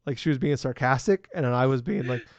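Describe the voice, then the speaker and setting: A man's voice: mid-range voice, quick pace, dry recording. A man co-hosting a podcast in casual chat, self-deprecating and swearing freely as he tells stories. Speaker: podcast co-host. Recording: dry, dull lo-fi podcast audio.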